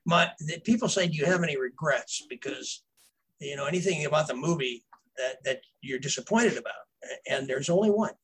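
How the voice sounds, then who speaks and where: A man's voice: a little high, a little fast, fairly bright tone, breathy edge, low-quality recording. A man, a novelist guest, telling casual behind-the-scenes stories in a rambling way, with fillers and restarts. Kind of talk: casual storytelling.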